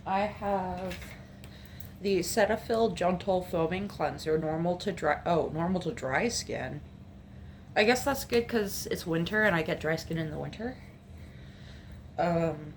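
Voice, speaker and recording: Low-voiced woman vlogging with a light Appalachian accent. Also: slight background noise. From New Jersey, raised in North Carolina and Virginia. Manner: rambling, matter-of-fact, thinks aloud. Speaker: makeup vlogger. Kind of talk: casual chatty vlog. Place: home room.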